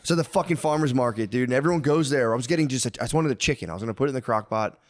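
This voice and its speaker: A man's voice: mid-range voice, racing. A man in his thirties, a comedian co-hosting a podcast, telling rambling, exasperated stories with a lot of swearing. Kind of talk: casual profane banter.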